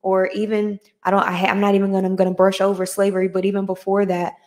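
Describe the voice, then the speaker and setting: A woman's voice: medium pitch, completely flat delivery, fast talker, darkish tone. Earnest woman hosting a live motivational talk. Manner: earnest, repetitive, greets live viewers. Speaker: podcast host.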